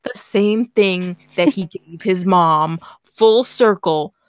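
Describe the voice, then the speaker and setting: A woman's voice: lowish voice, slow pace, clean tone, no echo, studio quality. A woman host reading a story aloud in casual chat, breaking off into sarcastic, laughing commentary.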